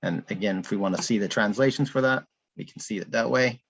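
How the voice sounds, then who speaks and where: A man's voice: lowish voice, fast talker, gravelly, slightly rough, no room sound, dull audio. A man giving a casual online presentation of a learning app, thinking aloud with frequent ums and restarts. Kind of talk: live online conference presentation.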